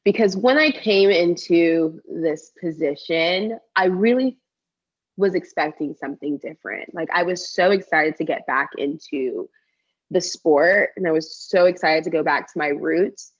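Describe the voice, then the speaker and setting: A woman's voice: on the low side, a little slow, highs cut off. A woman in her twenties with a Texan accent, a cheerleading coach chatting as a podcast guest and quoting herself as she tells stories. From Texas. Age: 20s. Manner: chatty, animated storyteller, quotes herself often. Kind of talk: casual podcast interview.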